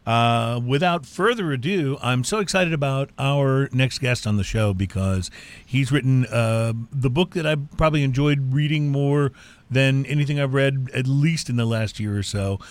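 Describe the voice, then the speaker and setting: A man's voice: medium pitch, normal speed. A man hosting a radio talk show in an upbeat, conversational manner, introducing and interviewing a guest.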